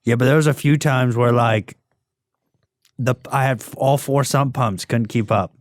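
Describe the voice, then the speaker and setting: A man's voice: medium pitch, fairly even intonation, normal speed, no room sound, clean studio sound. A man in casual podcast chat, telling a long story and filling it with "like" and restarts. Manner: rambling storyteller, heavy use of "like".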